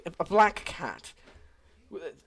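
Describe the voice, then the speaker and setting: Woman as a stammering young Irish thief, pushy questions, slow delivery. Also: fairly low pitch, sing-song, breathy edge, exaggerated voice. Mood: pressing. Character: 28-year-old Irish master thief, laying low.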